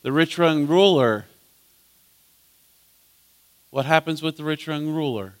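A pastor leads a Bible study, asking his listeners questions as he swings between loud emphasis and soft asides. His voice is on the high side, and he speaks slowly.

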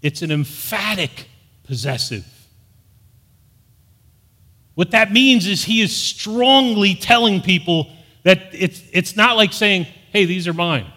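A man's voice: sits high, lively intonation, takes it slowly, pauses often, bright, forceful tone. A middle-aged man preaching a sermon with earnest, emphatic delivery. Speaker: pastor. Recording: long hall reverb.

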